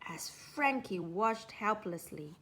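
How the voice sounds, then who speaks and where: Woman storyteller, children's storybook, slow measured pace, mid pitch. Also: slight background noise. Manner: unhurried, expressive narration.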